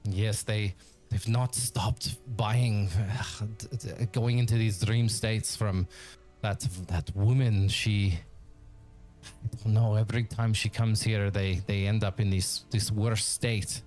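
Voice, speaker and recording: A man's voice: fairly low pitch, steady tone, takes it slowly, darkish tone, soft background music. A man voicing an anxious male village refugee who stammers and repeats his words nervously. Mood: worried.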